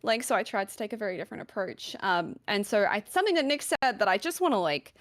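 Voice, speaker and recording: A woman's voice: mid-range voice, sing-song, fast talker, dry recording. Earnest woman giving emphatic advice. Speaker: panelist on a roleplay Q&A stream. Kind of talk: casual chat.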